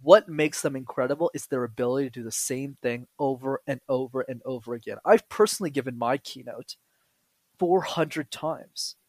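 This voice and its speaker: A man speaking as a podcast guest, telling lively stories and acting out the voices of people he quotes. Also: mid-range voice, normal speed, no room sound. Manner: animated storyteller who acts out quoted voices. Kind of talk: conversational podcast interview.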